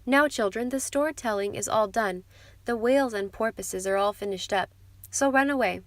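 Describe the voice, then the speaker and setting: A woman reading a dry old gentleman. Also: fairly high pitch, moderate pace, no echo, close to an everyday voice. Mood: kindly. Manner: dry, plain-spoken.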